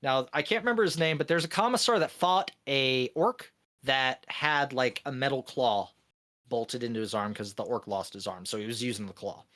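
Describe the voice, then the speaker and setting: A man co-hosting a gaming podcast, telling a long joke with lively energy, swearing freely and laughing often. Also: mid-range voice, normal speed. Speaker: podcast co-host. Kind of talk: casual podcast chat.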